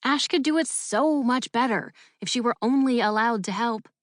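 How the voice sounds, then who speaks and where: A woman narrating a children's audiobook in a lively, expressive way. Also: a little high, normal speed, no room sound, studio quality. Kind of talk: scripted storybook narration.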